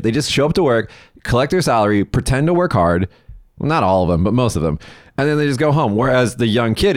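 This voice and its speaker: A man's voice: fairly low pitch, a little mellow, dry recording, clean studio sound. A man hosting a casual chat, telling stories bluntly with lots of swearing and acted-out quotes. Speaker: podcast host. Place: lives in Japan.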